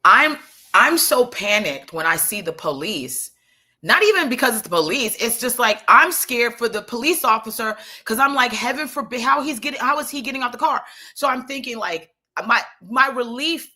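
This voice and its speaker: Woman storyteller, somewhat high, forceful bright tone, swears freely and rambles. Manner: animated, profane, rambling with asides. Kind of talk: casual storytelling.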